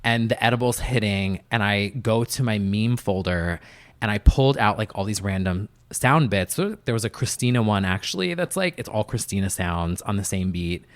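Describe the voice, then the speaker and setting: A young music producer, on a podcast as a guest, chats in a casual interview and tells stories in a loose way full of fillers like "like." His voice is on the low side and expressive, at a moderate pace.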